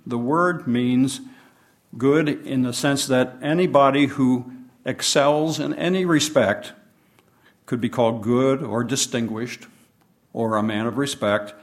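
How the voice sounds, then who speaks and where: Man preacher, mid-pitched voice, patient Bible study teaching style. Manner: unhurried teaching, reads and explains scripture.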